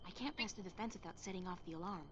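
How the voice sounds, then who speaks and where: A woman's voice: fairly low pitch, very fast, natural voice. A woman voicing a wry young heroine. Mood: musing. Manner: wry, matter-of-fact musing. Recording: dull game audio with hiss.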